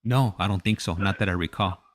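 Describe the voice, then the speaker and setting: Low-voiced host with halting questions. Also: male voice, dry recording. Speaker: podcast host. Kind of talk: casual interview on a call.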